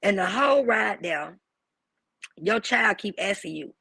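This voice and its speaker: A woman's voice: medium pitch, lively intonation, measured pace, creaky, sharp tone, slightly rough, no echo. A woman hosting a livestream, ranting in a blunt, profane and preachy way. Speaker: livestream host. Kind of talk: heated livestream rant.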